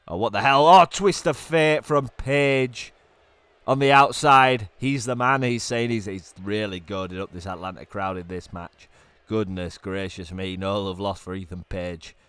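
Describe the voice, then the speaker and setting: In a clean, dry recording, an ill man coughs his way through excited play-by-play of a wrestling video game, swinging from quiet mutters to sudden shouts.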